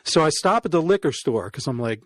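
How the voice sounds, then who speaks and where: A man, a podcast guest, telling an animated story in casual conversation, laughing often. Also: fairly high pitch, brisk, no room sound. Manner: animated, laughs often, acts out quoted voices.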